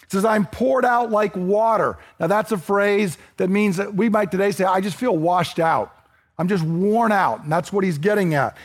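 A man's voice: high-pitched, normal speed. A man preaching a sermon in a conversational, emphatic way, often checking in with his listeners. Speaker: pastor.

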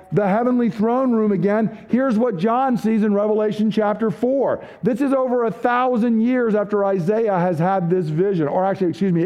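A man preaching a sermon as a pastor, emphatic, dropping low and slow when he quotes scripture. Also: lo-fi sound.

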